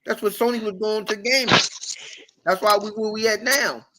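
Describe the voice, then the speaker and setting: A podcast host ranting in casual chat, profane and animated, and circling back on his own words. His voice sits high. It has a bright, forceful edge. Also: normal speed, a little hiss or hum.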